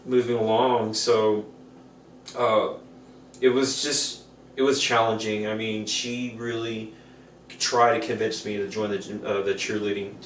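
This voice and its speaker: In an echoey room, picked up by a distant mic with some faint noise, a podcast co-host spins casual stories with plenty of animation. He acts out the voices of the people he mentions, and his voice runs on the low side.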